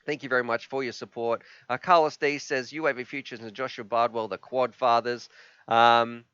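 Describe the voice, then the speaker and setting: A man hosting a live stream, chatting casually and reading chat messages aloud, sometimes halting with emotion. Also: medium pitch, steady tone, pushed and bright, clean tone, no echo. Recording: slightly dull, dry sound.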